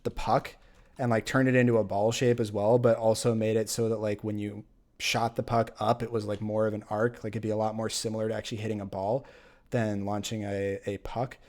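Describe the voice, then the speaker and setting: Low-voiced male streamer losing his voice. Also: little pitch movement, brisk, a little mellow. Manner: rambling, reads chat aloud, many fillers. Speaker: game streamer and host. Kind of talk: casual live-stream chat while playing.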